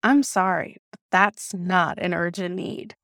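A woman playing a condescending female manager, dismissive, lightly heightened pitch. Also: steady tone, measured pace, a bit bright, no echo, clean studio sound. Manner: patronizing, dismissive.

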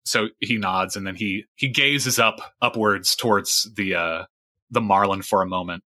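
A man narrating as game master in a tabletop game, relaxed and halting. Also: on the low side, no echo.

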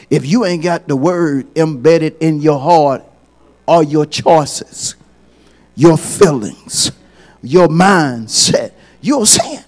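An expressive male pastor preaches at a slow pace, restating his points and rising from soft lines to loud, high, shouted crescendos.

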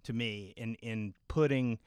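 A man's voice: mid-range voice, fairly even intonation, a little slow, a little mellow, clean tone, dry recording, clean studio sound. A man co-hosting a podcast in casual chat, easygoing and agreeable, often restarting his sentences. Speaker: podcast co-host.

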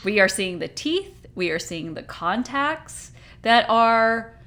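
Woman co-host, casual movie recap, animated, laughs a lot. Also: fairly high pitch, slow. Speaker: podcast co-host.

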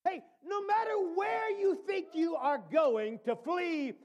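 A man preaching a sermon in a notably high voice. He calls out to listeners as brother. He drops to near-murmured asides, then rises to shouted emphasis. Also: slow pace, highs cut off. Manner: swings between quiet asides and shouted emphasis; addresses listeners by name as brother.

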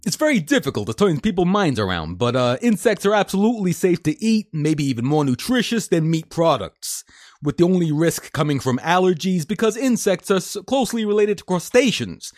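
Man doing a shouting New York street guy. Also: sits high, very animated, fairly quick, no room sound, studio quality, voice pushed up. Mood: hammy.

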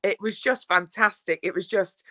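A woman's voice: mid-range voice, moderate pace. Chatty Scouse woman telling stories. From England. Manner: lively storyteller, swears freely, laughs often. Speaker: guest. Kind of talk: casual chat on a podcast.

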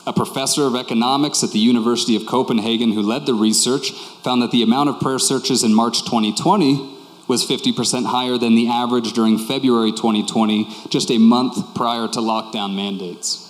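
A man's voice: mid-range voice, fairly even intonation, a little fast. A man preaching a sermon to a congregation, talking in a candid, conversational way and repeating key phrases for emphasis. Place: church hall with congregation. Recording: echoey hall with long reverb.

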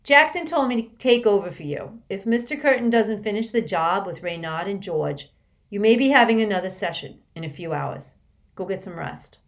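A woman voicing a gruff, blunt teenage girl guard who talks in a brusque, dismissive way. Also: mid-range voice, animated, moderate pace, natural voice.

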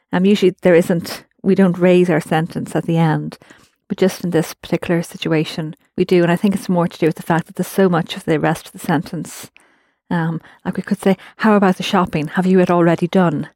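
A woman's voice: fairly low pitch, a little mellow, dry recording, clean studio sound. Woman teaching in a patient, prompting way. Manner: patient, prompting students with questions. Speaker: language teacher. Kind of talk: classroom explanation.

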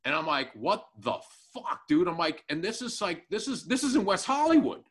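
A man with a high-pitched voice, speaking a little fast, is the co-host and new tech guy on a casual podcast. He delivers a long, profane story with animation, voicing everything everyone said.

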